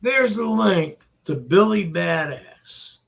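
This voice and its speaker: Man, gaming channel host, high and gravelly voice, slow profane rants. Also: lively intonation. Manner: profane, exasperated ranting. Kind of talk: ranting gameplay commentary.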